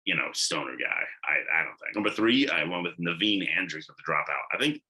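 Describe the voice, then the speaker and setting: A man's voice: deep voice, sing-song, brisk, bright, forceful tone, low-quality recording. A man giving casual, blunt commentary on TV award predictions, swearing and rambling with asides.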